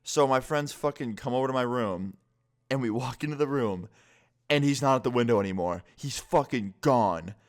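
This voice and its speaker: A man's voice: medium pitch, normal speed. A young man telling a scary story in a casual vlog, swearing constantly and saying "like" all the time. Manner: casual, heavy swearing, lots of "like". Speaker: vlogger.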